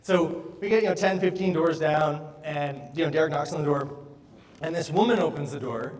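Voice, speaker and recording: On a big hall's stage, a motivational speaker spins lively stories and sprinkles in "right?" again and again. He talks at a normal speed in a slightly high voice, picked up from afar with plenty of hall echo.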